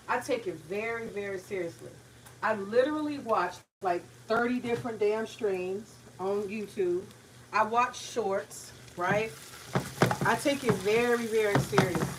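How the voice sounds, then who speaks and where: A woman's voice: a little high, distant mic, a little hiss or hum, rough recording. A woman in a casual cooking vlog, chatting in a rambling way and often searching for words. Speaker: home cook vlogger. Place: home kitchen. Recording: voice a bit off-mic, faint kitchen sizzle.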